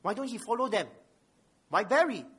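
A man's voice: high voice, sing-song, normal speed, a bit bright, husky. A man preaching a sermon, reading scripture aloud and asking the listeners rhetorical questions with emphasis.

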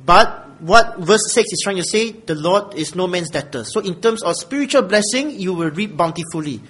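A male pastor, preaching a sermon in an animated way and acting out the people he describes. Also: high voice, normal speed, breathy edge, rough recording. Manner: animated, acts out grudging givers in a whiny voice, then drops quiet.

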